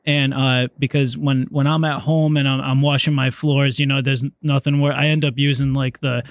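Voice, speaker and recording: A man's voice: mid-range voice, level tone, moderate pace, no room sound. Laid-back man making a prank call. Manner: casual, chatty and laughing. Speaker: prank caller.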